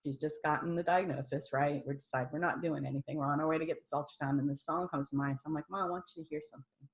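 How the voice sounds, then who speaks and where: A woman's voice: low voice, fairly even intonation, fast. A middle-aged woman, a former nurse, tells an emotional personal story. She laughs through tears and quotes the people in it as dialogue. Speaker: guest sharing a personal testimony.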